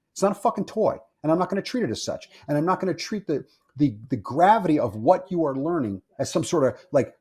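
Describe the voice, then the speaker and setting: A man's voice: on the high side, a little mellow, breathy edge. A man speaking as a guest on a podcast interview, blunt and opinionated, swearing freely and often repeating himself. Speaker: firearms instructor, guest.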